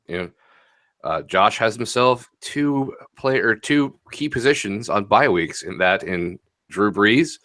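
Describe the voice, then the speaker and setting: A man's voice: lowish voice, pushed and bright, dry recording. A man co-hosting a fantasy football podcast, breaking down a matchup in a laid-back way with chuckling asides. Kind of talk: casual podcast matchup analysis.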